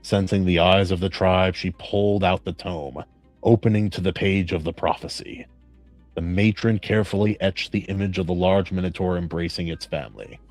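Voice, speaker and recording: Deep-voiced man reading aloud. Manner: measured, earnest reading; warm praise in chat. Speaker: podcast host reading a story aloud. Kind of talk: story reading and casual chat.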